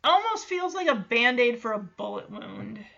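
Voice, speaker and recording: Woman, high voice, movie recap chat, exasperated and chatty, muffled lo-fi sound. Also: sing-song, moderate pace, gravelly, a bit bright. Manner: exasperated, chatty, reacts to the story. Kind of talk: casual movie recap commentary.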